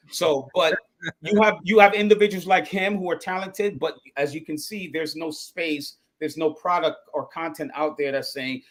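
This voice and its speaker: A man's voice: a little high, normal speed. A man, an actor and guest, telling stories in a casual chat and acting out the quotes. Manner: animated storyteller, acts out quotes.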